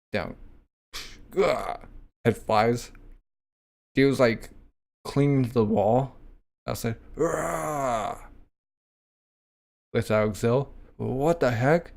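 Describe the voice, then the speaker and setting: A man's voice: medium pitch, a little mellow. A man casually reading a comic aloud, voicing sound effects and reacting with a lot of "like".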